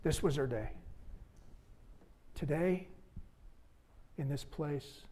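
A male pastor preaching a sermon in church, with repeated emphatic appeals that fall low and soft at the ends of phrases. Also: extremely slow. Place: church sanctuary.

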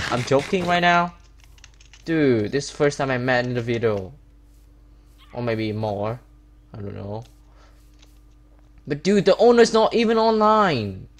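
Animated man ranting over gameplay. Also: mid-range voice. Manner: upset, complaining, repeats himself and stumbles. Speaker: Minecraft YouTuber. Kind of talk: gameplay commentary. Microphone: desktop setup with webcam.

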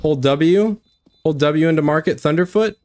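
A young man streaming a shooter game, commenting on his own play in an excitable, foul-mouthed way. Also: a little high, normal speed, slight background noise. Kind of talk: live gameplay commentary.

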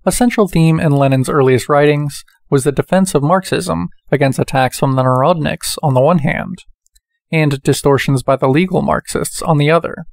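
A man reading a book aloud in a measured way, speaking the quotation marks as he goes. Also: fairly high pitch, gravelly, dry recording, clean studio sound. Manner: measured, reads quotations with quote marks spoken. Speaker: audiobook reader.

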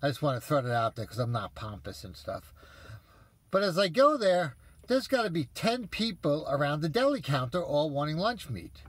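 A man's voice: fairly high pitch, big pitch swings, moderate pace, no room sound. A man telling viewers an exasperated story in a casual, profane rant. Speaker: vlogger ranting to viewers.

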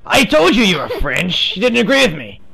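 Gravelly, animated man trolling voice chat. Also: high voice, moderate pace, a crowd in the background. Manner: mock-earnest, playfully provocative. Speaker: game streamer trolling players. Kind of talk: trolling voice chat over gameplay.

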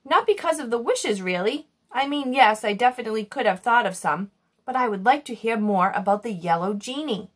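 A woman's voice: a little high, lively intonation. A woman voicing a bold, eager eight-year-old girl in a read-aloud children's story. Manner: eager, talks fast and a little cross.

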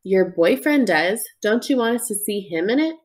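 A woman voicing a worried, firm mother of two who speaks calmly but sternly. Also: medium pitch, moderate pace, natural voice. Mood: exasperated.

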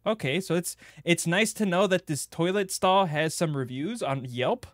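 Young guy streaming a game, jokey and crude, yelps a lot, kinda high voice, super dry close sound. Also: moderate pace, dry recording. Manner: excitable, joking, crude, bursts into loud yelps. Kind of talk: gaming playthrough commentary.

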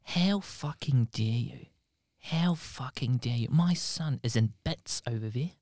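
A woman's voice: low voice, lively intonation, moderate pace, no room sound, clean studio sound. A man doing his furious, sweary mum. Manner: snarling, sweary, threatening. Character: furious foul-mouthed mum confronting a teacher.

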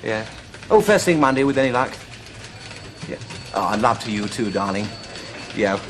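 An actor playing a prim, flustered who stammers in a TV sketch comedy. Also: male voice, fairly low pitch, expressive, moderate pace, close to an everyday voice. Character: posh upper-class Englishman, flustered.

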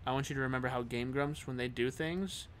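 A man's voice: medium pitch, quick pace, fairly bright tone, a little hiss or hum. A man co-hosting a let's play, complaining and teasing his partner in casual banter.

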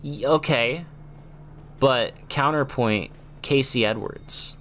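A man's voice: mid-range voice, takes it slowly, a bit bright. A man giving casual, rambling gaming commentary, goofy and laughing often.

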